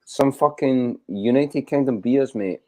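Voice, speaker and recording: A man's voice: medium pitch, a little slow, mellow. A man with a Scottish accent chatting casually, swearing freely and loosely. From Scotland. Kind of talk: casual chat.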